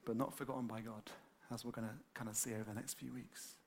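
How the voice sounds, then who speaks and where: A man preaching a sermon, animated and conversational, with many fillers and repeated words. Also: mid-range voice, fast, creaky, a little hiss or hum. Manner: animated, acts out excited quotes.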